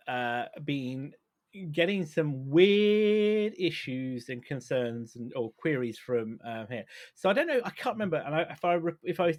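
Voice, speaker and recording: A man co-hosting a casual tech podcast, animated and laughing often, restarting sentences as he talks. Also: a little high. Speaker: podcast co-host.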